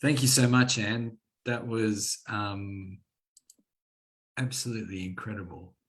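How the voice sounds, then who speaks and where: A man's voice: fairly low pitch, steady tone, unhurried, fairly bright tone, poor audio. A man hosting an online poetry reading, talking informally with many hesitations. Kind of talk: casual hosting.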